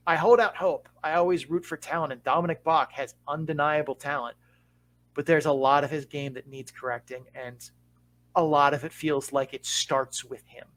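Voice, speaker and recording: A man co-hosting a podcast, calmly explaining hockey tactics with measured, deliberate emphasis. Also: on the high side, rough recording. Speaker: podcast co-host, hockey analyst. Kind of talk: casual podcast analysis.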